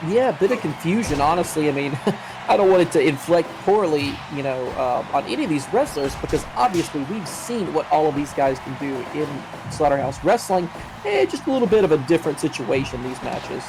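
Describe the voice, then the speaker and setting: Measured, hedging male color commentator. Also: on the high side, animated, background noise. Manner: measured, hedging, many fillers like "you know" and "I mean". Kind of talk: live wrestling commentary.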